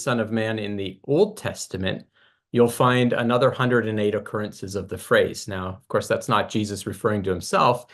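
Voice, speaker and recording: A man with a British accent giving a steady, explanatory Bible study talk to a congregation. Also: medium pitch. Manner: explanatory, steady teaching with small restarts.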